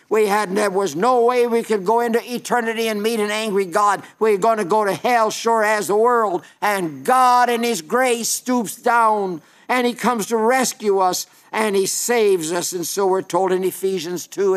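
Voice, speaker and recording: An older man preaching a sermon in a folksy storytelling way, slowing down for emphasis. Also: high-pitched.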